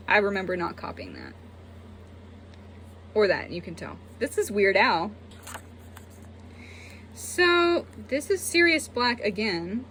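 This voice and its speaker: Lively, chatty young woman vlogger. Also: mid-range voice, a little hiss or hum. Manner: chatty, self-mocking, animated. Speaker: artist and vlogger. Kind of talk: casual sketchbook tour chat.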